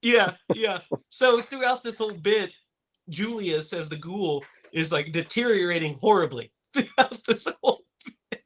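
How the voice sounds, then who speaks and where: A man hosting a casual movie-review podcast, talking in rambling runs full of fillers and restarts, quick to laugh. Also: high voice, animated, fairly bright tone. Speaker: podcast host.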